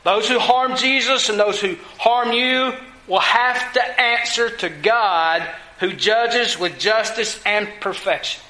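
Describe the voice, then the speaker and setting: A man's voice: sits high, takes it slowly, few pauses, bright, forceful tone, reverberant, rough recording. A man preaching a sermon, emphatic, asking his listeners questions and answering them himself. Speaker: pastor.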